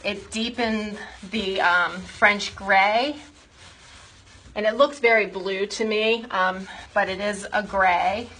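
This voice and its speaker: A woman with a mid-range, slow, pushed and bright voice chats casually while demonstrating furniture refinishing step by step in a workshop, out of breath from buffing. The audio quality is poor.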